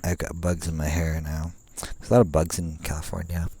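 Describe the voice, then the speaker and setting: A young male vlogger with a bass voice, flat delivery, and warm, breathy tone talks fairly quickly while rambling outdoors at night. He meanders laid-back, full of fillers and restarts, and swears casually now and then. There's no echo.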